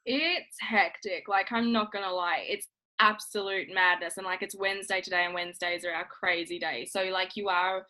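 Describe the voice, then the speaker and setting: A woman's voice: medium pitch, steady tone, moderate pace, pushed and bright, poor audio. A woman chatting casually at home, upbeat and full of fillers, giving business advice. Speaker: interviewee, network marketer. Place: home room.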